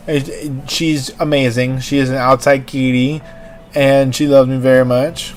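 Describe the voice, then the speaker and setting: A man's voice: mid-range voice, level tone, normal speed. A man hosting a livestream, chatting in a rambling, casual way full of "like" and "you know". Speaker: livestream host.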